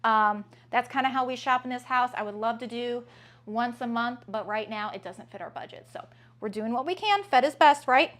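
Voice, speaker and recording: A woman's voice: fairly high pitch, moderate pace, a bit bright. A woman, a mother and family vlogger, chatting casually and upbeat through a grocery haul at home, with plenty of "um"s. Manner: chatty, upbeat, many fillers.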